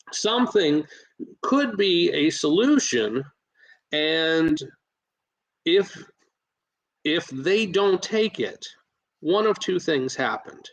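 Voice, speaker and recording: Gravelly, higher-voiced man telling investing stories. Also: poor audio. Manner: animated, coaching tone with many restarts and fillers. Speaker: real estate investor guest. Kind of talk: casual podcast storytelling.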